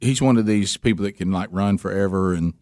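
Male radio host, animated storyteller. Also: low voice, brisk, no room sound, clean studio sound. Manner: animated storyteller, jokey asides; clowns through a mangled French accent. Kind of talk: casual morning-show banter.

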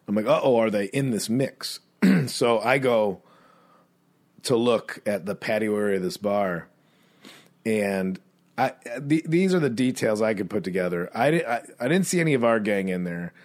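Low-voiced man telling a rambling story. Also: animated, moderate pace, a little mellow. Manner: rambling storyteller, acts out quoted people in high voices. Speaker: podcast co-host. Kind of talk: casual chat.

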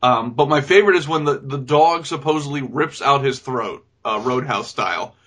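A man's voice: medium pitch, moderate pace, a bit bright. A man co-hosting a casual movie review, sarcastically mocking scenes and acting out lines in goofy voices. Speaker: podcast co-host.

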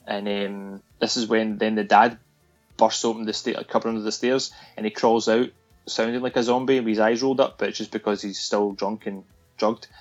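A man's voice: lowish voice, steady tone, moderate pace, lo-fi sound, soft background music. A man talking casually about a film, animatedly retelling scenes and acting out the lines.

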